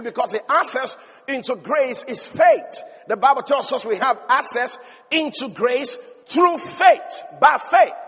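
High pitched preacher guy, animated, shouting praise, big echoey hall. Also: husky. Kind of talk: sermon. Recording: long reverb of a large hall.

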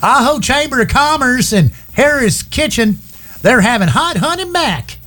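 A radio host putting on an exaggerated folksy Southern drawl to read a local ad. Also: male voice, very high voice, animated, measured pace, pushed and bright, voice pushed up, exaggerated voice. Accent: put-on Southern US. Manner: hammy, sing-song, folksy.

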